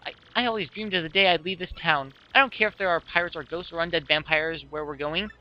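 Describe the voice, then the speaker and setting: A man's voice: on the high side, fast talker, voice pushed up, natural voice. A man voicing a restless young townsman who talks in a fed-up, emphatic way. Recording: dull lo-fi with music.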